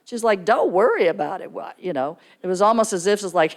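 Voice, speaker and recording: A middle-aged woman giving a storytelling sermon in church, jumping into lively character voices for quoted people. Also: brisk. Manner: animated storyteller, acts out quoted voices with big pitch jumps. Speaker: guest speaker at church. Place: church sanctuary.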